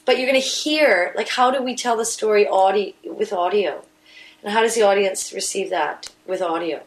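A woman's voice: medium pitch, moderate pace, poor audio. A woman stage actor in a casual interview, recorded inside a house, explaining her ideas thoughtfully with frequent restarts.

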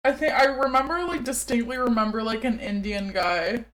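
Giggly, higher-voiced woman. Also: moderate pace, fairly bright tone. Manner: giggly, enthusiastic. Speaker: podcast co-host. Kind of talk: casual chat.

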